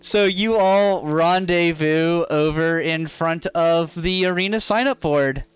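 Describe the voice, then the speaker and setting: A man narrating a tabletop game as its dungeon master, in an easygoing, relaxed manner. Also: fairly high pitch, takes it slowly, clear, resonant tone, no echo, highs cut off, soft background music.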